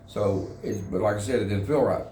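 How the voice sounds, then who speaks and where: A man giving an earnest personal testimony in an interview, halting at times and repeating words. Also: fairly low pitch, dark tone, a little hiss or hum. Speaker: interviewee, former prisoner in a recovery program. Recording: echoey room.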